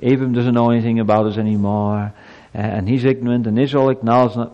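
A man's voice: medium pitch, steady tone, a little fast, mellow, dull audio. A man preaching a sermon to a congregation, emphatic, with rhetorical questions and stammered repeats. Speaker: pastor. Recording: long hall reverb.

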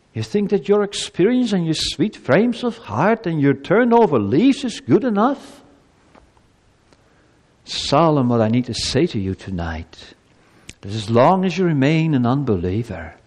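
A man preaches in a high, wildly swooping voice, pleading with his listeners and dropping from ringing emphasis into hushed solemnity. His words carry a long church reverb. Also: husky. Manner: impassioned, pleading, swings between loud emphasis and hushed solemnity. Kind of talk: evangelistic sermon.

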